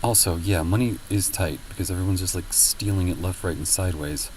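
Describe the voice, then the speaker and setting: A man's voice: low-pitched, fairly quick, darkish tone, far from the mic, slight background noise, low-quality recording. A man streaming and chatting casually with viewers, rambling with many fillers and a lot of swearing. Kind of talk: casual chat with viewers while gaming.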